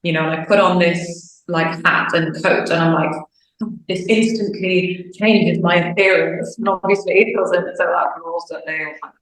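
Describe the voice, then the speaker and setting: A woman's voice: on the low side, normal speed, few pauses. A young woman, an opera singer, chatting casually in an interview and acting out bits of dialogue. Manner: chatty, animated, acts out little quoted bits of dialogue. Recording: echoey room.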